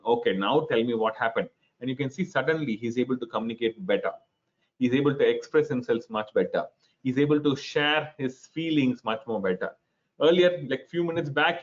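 Man, middle-aged, Indian English accent, webinar trainer, mid pitch, questioning, repeats phrases, dull video-call audio. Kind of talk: interactive online workshop talk.

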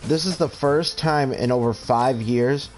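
Hosting a game stream, a man in his twenties with a stutter chats casually in an earnest, rambling, heartfelt way. His voice is medium-pitched and unhurried.

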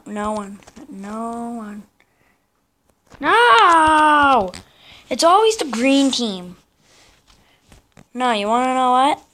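A woman giving casual live commentary on her own gameplay, chatting in slang and breaking into excited yelps and repeated protests. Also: fairly high pitch.

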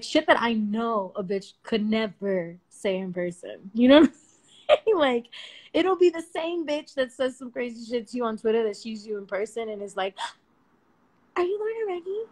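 A woman's voice: mid-range voice, a little mellow. A woman in her twenties chatting casually and playfully with viewers on a phone livestream, slangy and laughing often. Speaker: livestream host. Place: home at night.

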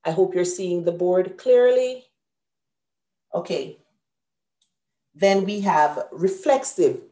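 A woman's voice: on the low side, animated, takes it slowly, mellow, reverberant. A woman teaching a live grammar lesson at a whiteboard, explaining patiently step by step and correcting herself aloud. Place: room with a whiteboard.

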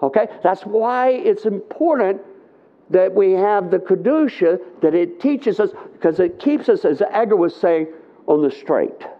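A middle-aged man gives a Bible teaching at a live conference, speaking in an unhurried, conversational and animated way and often checking in with listeners by asking "okay?". His voice is slightly high for a man, and the audio is thin and tinny, like a phone line.

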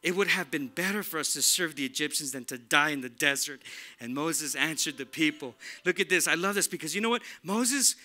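A male pastor preaching in a church with a high, very bright, sharp voice. He talks casually and emphatically, drops slang and repeats words to press his points. Faint music plays in the background. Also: lively intonation, fairly quick. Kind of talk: sermon.

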